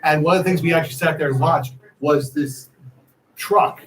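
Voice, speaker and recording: A man's voice: a little high, normal speed, slight background noise, low-quality recording. A man, a resort guest, telling a story in an easygoing, enthusiastic way. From New York City.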